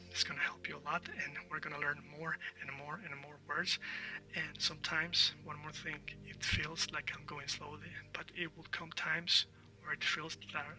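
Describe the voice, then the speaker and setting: A man's voice: on the high side, pushed and bright, recorded from a distance. A man who speaks Spanish natively, teaching a recorded language lesson, spelling words letter by letter and encouraging learners.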